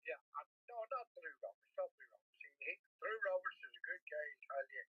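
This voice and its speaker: A man's voice: on the high side, lively intonation, fast talker, husky, dry recording. An Irish man in a casual chat, talking bluntly and heatedly with plenty of swearing. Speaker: guest speaker. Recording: tinny phone-like line.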